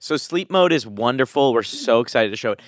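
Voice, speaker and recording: Guy gushing as a fake exec in an improv bit, smooth clear voice, dry close mic. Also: mid-range voice, brisk, no echo. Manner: enthusiastic, gushing, deadpan praise. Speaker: improv comedian playing an executive. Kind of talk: improvised comedy chat.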